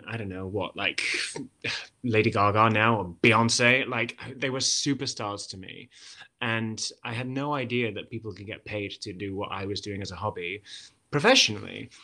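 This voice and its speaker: Bright-voiced British man chatting. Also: medium pitch. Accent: generalized British, light Welsh. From Wales. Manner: rambling, restarts sentences. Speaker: guest actor. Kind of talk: casual interview chat.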